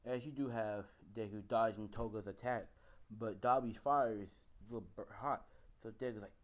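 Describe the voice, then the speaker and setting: A man's voice: lowish voice, brisk, muffled recording. A young man casually improvising a fan story, rambling with lots of fillers and the odd swear.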